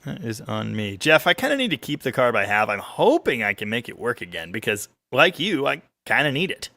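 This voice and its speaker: A little fast and mid-range, with vocal fry and no room sound, this man's voice carries his weekly car livestream. He chats casually, jokes and rambles with lively ups and downs while going through viewer comments.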